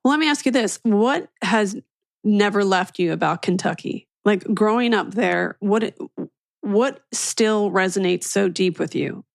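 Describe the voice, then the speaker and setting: A woman's voice: mid-range voice, a little slow, gravelly, dry recording. A woman hosting a podcast, reading an enthusiastic scripted intro and then interviewing a guest. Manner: enthusiastic, upbeat. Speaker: podcast host.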